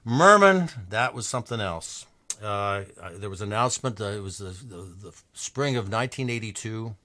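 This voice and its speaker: A man in his seventies from New Mexico gives an anecdotal music lecture, telling stories with enthusiasm and halting restarts. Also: lowish voice, expressive, bright, forceful tone. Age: 70s. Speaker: lecturer and pianist-singer.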